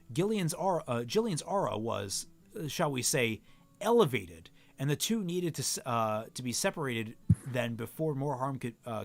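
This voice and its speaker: Man, animated delivery, fairly high voice, casual read-aloud, stumbles and corrects himself. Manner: animated, stumbles and self-corrects while reading. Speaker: co-host reading a novel aloud. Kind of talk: casual read-aloud, voicing characters plainly.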